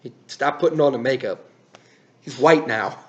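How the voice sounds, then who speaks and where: A man's voice: mid-range voice, moderate pace, dull audio. A man hosting a casual commentary video, explaining things in a dry manner and correcting himself as he goes. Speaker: host.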